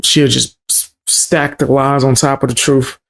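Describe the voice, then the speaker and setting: A man's voice: mid-range voice, little pitch movement, measured pace, vocal fry, a bit bright. A man hosting a casual reaction commentary, blunt and incredulous about what he hears. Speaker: commentary host.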